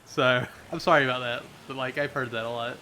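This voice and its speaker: Bright-voiced chatty streamer man. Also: mid-range voice, fairly even intonation, a little fast, slight background noise. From Southern United States. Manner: chatty, rambling, answers chat messages, laughs often. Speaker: gaming livestreamer. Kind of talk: casual livestream chat.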